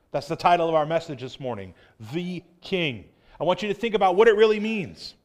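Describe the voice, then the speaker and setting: High-voiced man preaching a sermon. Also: a bit bright. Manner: earnest, conversational preaching with casual asides. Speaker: pastor.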